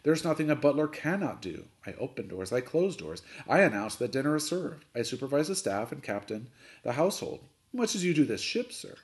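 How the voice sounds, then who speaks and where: A man's voice: mid-range voice, fairly quick, natural voice. A man doing an unflappable formal butler. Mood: composed. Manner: calm, polite, precise.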